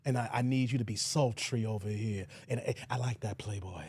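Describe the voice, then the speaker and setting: A man doing a deep, smug music-mogul impression. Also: fairly quick, darkish tone, breathy edge, no echo. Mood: directing. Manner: drawling, self-satisfied, murmured.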